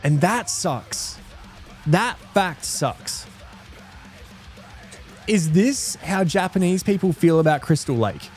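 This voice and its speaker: This Australian man's high, darkish voice has lively intonation, and he takes it slowly, pausing often. Streaming a casual music reaction, he rambles earnestly and keeps interrupting himself with restarts.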